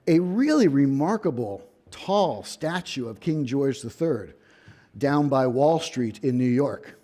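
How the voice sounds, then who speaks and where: A man's voice: medium pitch, animated, a little slow, mellow. A man, a visiting professor, giving an academic lecture in a lecture hall, telling history with storytelling emphasis and wry asides.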